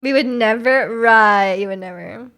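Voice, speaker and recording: Young woman streamer, chatty and giggly, rambling with restarts, slightly high voice. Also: measured pace, pushed and bright, clear, resonant tone. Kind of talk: casual chat with live chat.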